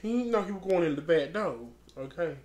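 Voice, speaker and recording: A woman's voice: fairly low pitch, animated, brisk, darkish tone. A transgender woman telling a storytime vlog in a blunt, profane, rambling way, calling her listener girl. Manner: rambling with many restarts. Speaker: vlogger.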